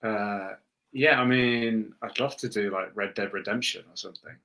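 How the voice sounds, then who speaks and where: A man's voice: lowish voice, normal speed, bright, forceful tone. A male voice actor chatting as a podcast guest, rambling with restarts and self-mocking swears. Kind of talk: casual podcast chat.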